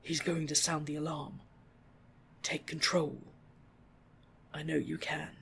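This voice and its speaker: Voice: medium pitch, little pitch movement, takes it slowly, gravelly, a bit bright, slight background noise. A reader voicing a disembodied butler voice that urges insistently inside someone's mind, in a storybook reading. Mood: urgent.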